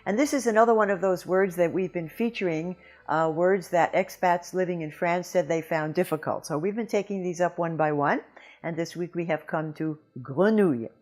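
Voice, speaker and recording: A lower-pitched woman teaching pronunciation in a scripted video lesson. She speaks slowly and carefully, spelling out and modeling each sound. Soft music plays faintly behind her. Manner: slow, careful demonstration of sounds.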